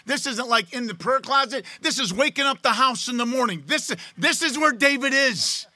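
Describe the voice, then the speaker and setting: A man preaching a sermon in a church, loud and excited, swinging from shouting to quiet, close talk. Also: very high voice, normal speed, dry recording. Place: church sanctuary.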